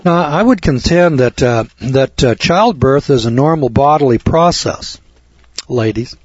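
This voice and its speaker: Husky man lecturing, dull lo-fi sound. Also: medium pitch, animated, measured pace, no echo. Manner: emphatic, repeats key words, wry asides. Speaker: speaker addressing an audience. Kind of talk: lecture to a live audience. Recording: dull lo-fi recording.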